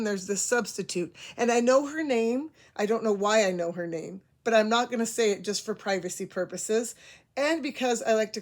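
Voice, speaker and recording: A woman in her forties hosting a casual storytelling monologue, chatty and prone to rambling. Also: a little high. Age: 40s. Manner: rambling, self-aware, chatty. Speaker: host.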